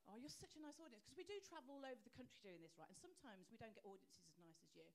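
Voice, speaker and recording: A woman's voice: fairly high pitch, lively intonation, very fast. A woman with a Birmingham accent doing live stand-up, brash and cheeky, teasing the audience. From Birmingham, England. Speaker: stand-up comedian. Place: live comedy venue.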